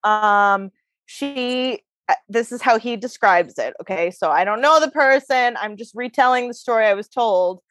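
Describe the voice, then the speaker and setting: A woman's voice: a little high, normal speed, fairly bright tone, dry recording. A woman co-hosting a podcast, telling a long story in a chatty, swearing, laughing way. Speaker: podcast co-host. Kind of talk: casual chat.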